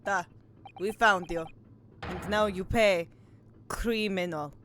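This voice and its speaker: A woman voicing a menacing male Russian sailor in a put-on Russian accent, slowly threatening a captive and ending lines with a mocking "hmm?". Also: mid-range voice, fairly even intonation, fairly bright tone, a little hiss or hum. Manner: slow threatening interrogation with mocking "hmm?" tags. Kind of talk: reading game dialogue aloud.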